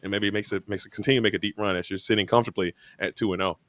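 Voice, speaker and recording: A man's voice: on the low side, fairly even intonation, rapid-fire, a bit bright, no room sound. A man casting a live card game tournament, joking and riffing while he talks up the plays. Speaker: tournament caster.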